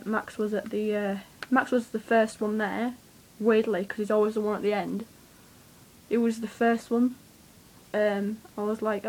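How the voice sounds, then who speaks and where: A young woman, telling a rambling, excitable story to camera, swearing freely and with lots of fillers. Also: medium pitch, rough recording. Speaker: vlogger.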